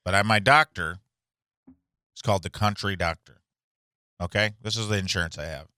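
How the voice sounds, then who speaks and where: A man's voice: deep voice, normal speed, pushed and bright, no room sound, studio quality. A man on a casual comedy podcast, ranting and swearing as he tells a story and mocks people in impressions. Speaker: podcast co-host.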